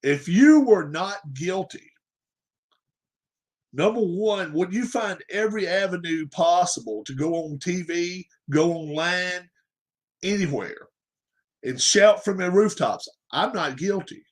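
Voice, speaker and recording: On a sports livestream, the host delivers an opinionated rant in a high, expressive voice at a slow pace. He hammers his points emphatically, repeats them, and fires off rhetorical questions.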